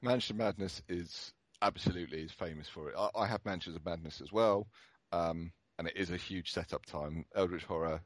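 A man's voice: deep voice, brisk, dry recording. A man in casual podcast chat, explaining board game tips at length in a chatty way.

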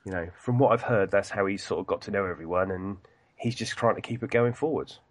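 A man's voice: on the low side, fairly quick, no room sound. Hesitant man with a Norfolk accent. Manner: hesitant, many fillers and restarts. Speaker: podcast guest from a gaming shop. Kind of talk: casual podcast chat.

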